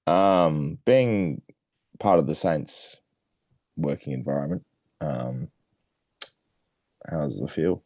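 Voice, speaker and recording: A man's voice: very deep voice, slow pace, long pauses, darkish tone, dry recording. An Australian man co-hosting a casual sports podcast, trading wry jokes and banter. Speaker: podcast co-host.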